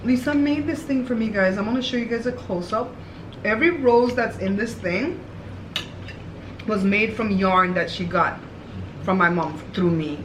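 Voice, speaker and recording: A talkative woman chats casually to her viewers while eating at her home table. Her voice sits mid-range and rings around a roomy space. Cutlery and dishes clatter clearly behind her. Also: mid-range voice, normal speed, noisy background. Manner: chatty, talkative, addresses viewers directly. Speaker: mukbang host. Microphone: camera on the table.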